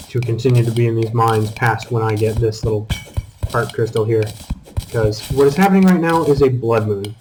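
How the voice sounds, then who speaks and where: A man giving casual commentary over his own gameplay, taunting enemies and breaking into high exclamations. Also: a little hiss or hum, poor audio. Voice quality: calls his own voice squeaky. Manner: animated, talks to enemies, jumps to high exclamations. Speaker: gaming channel host.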